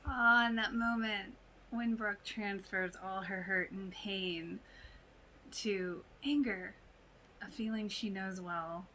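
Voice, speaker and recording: A woman hosting a casual reaction podcast, talking in a chatty, animated way with exclamations and quoted lines. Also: mid-range voice, takes it slowly, a little hiss or hum, rough recording. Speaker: podcast host reacting to a TV show.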